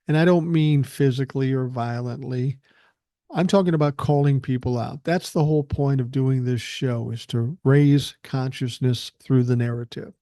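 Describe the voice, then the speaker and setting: An older man hosts a podcast, delivering a blunt, profane, angry political monologue into a close mic. His voice is medium-pitched and warm, with fairly even intonation and a moderate pace, and there is no room sound.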